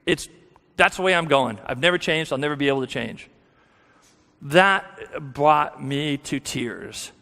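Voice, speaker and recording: Speaking a little slowly, this guest at a church offers an honest, self-deprecating account of his life, restarting many times. His slightly high voice is creaky, pushed, and bright, with long hall reverb around it.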